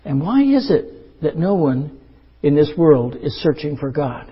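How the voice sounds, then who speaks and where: A high-pitched, slightly husky man delivers an earnest sermon full of rhetorical questions and repeated phrases. The recording is muffled and lo-fi. His voice rings with the long reverb of a large hall. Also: big pitch swings, measured pace. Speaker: preacher.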